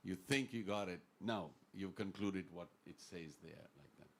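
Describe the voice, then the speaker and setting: A man's voice: deep voice, moderate pace, vocal fry, a bit bright, slight background noise. A man giving an earnest, informal devotional talk in a temple class, telling stories and quoting Sanskrit verses. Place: temple hall.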